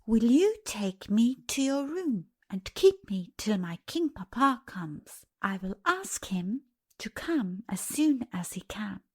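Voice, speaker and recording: A woman voicing a young princess girl who speaks quietly and with dignity. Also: a little high, big pitch swings, takes it slowly, slightly rough, full character voice. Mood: polite.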